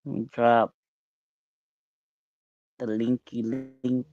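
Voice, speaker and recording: Slow-talking man hosting a casual livestream. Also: mid-range voice, no room sound. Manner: relaxed, rambling, greets viewers by name. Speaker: livestream host. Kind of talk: casual live-stream chat. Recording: dull, lo-fi, dry sound.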